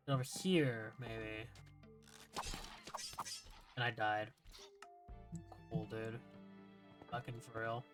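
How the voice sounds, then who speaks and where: A young man streaming a game, chatting casually, rambling and swearing often as he gets frustrated. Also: medium pitch. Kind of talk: casual gaming livestream chat.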